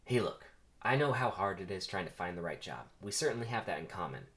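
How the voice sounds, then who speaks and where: A man's voice: low voice, big pitch swings, brisk, fairly bright tone. A man reading the part of a small, earnest, cheeky male bee in a comedic script reading, playful and teasing.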